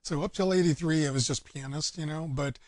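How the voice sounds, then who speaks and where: A man's voice: a little high, a little fast, a little mellow, no room sound. Easygoing man chatting, dry sound. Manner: easygoing, rambling with many fillers. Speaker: guest musician. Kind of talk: casual interview chat.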